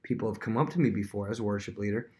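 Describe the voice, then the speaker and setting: A man's voice: on the low side, very fast, warm tone. A man who is a worship leader, teaching a casual Bible lesson with everyday examples and frequent restarts.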